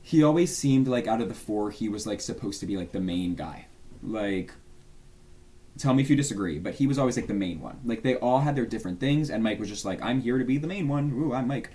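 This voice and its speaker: A man's voice: fairly low pitch, animated, a little fast, dark tone. A young man chatting casually as a YouTuber, gushing and rambling about his favourites. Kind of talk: casual fan tier-list chat.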